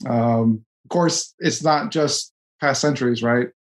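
A man from the Coast, talking in an earnest, self-deprecating, halting way as a podcast co-host in a casual discussion. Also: mid-range voice. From US West Coast.

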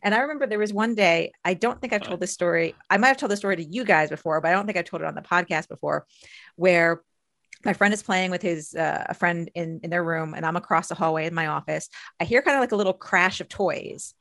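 A woman co-hosting a podcast in casual chat, telling stories about her son in a chatty, animated way. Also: lowish voice, fast, vocal fry, no echo, clean studio sound. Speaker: podcast co-host.

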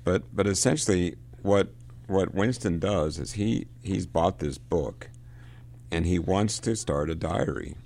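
Man with a super low creaky voice going over a book, stops and restarts a lot. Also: darkish tone. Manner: halting, often repeats words while reading and explaining. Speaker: book discussion leader. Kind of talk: casual spoken book discussion.

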